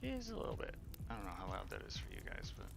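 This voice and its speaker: A man's voice: sits low, huge pitch swings, fast, creaky, music in the background. A man casually talking through his coding work to live viewers, thinking aloud, muttering and joking with his chat. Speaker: game developer streaming his work.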